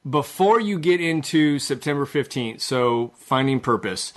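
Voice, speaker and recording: A man hosting a podcast interview who steers the talk in a relaxed, direct way. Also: medium pitch, unhurried. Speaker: podcast host. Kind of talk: casual interview.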